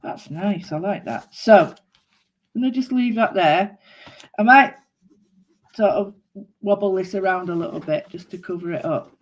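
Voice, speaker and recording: A woman's voice: mid-range voice, normal speed, long pauses. A woman chatting casually to viewers while she doodles, rambling and thinking aloud as she works. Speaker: craft vlogger.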